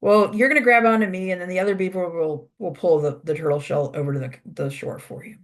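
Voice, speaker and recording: A helpful beaver, voiced by a storyteller in a plain voice explains a plan in a spoken folk tale. The voice is ordinary and mid-pitched. He is plain-spoken. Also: steady tone, fast talker, close to an everyday voice.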